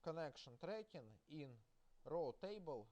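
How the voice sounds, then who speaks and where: Man, Russian accent, slow halting lecture, many fillers and restarts, slightly high voice. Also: animated, a little mellow, dull audio. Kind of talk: university lecture. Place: lecture hall.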